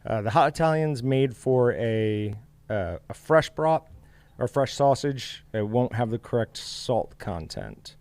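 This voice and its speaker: A man's voice: medium pitch, lively intonation, a little slow, darkish tone, no room sound. A man hosting a casual livestream, chatty and upbeat, reading viewer comments aloud. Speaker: livestream host.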